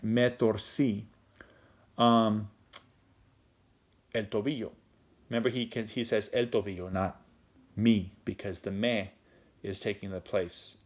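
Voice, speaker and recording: A man's voice: lowish voice, a little mellow. A man teaching a Spanish grammar lesson in a casual, step-by-step way, full of fillers and check-ins, moving between English and Spanish. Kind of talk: recorded classroom lesson.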